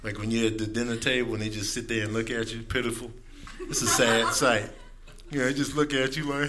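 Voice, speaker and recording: A man's voice: medium pitch, little pitch movement, fairly quick, noisy background. A male stand-up comedian telling jokes in a laid-back, chuckling way.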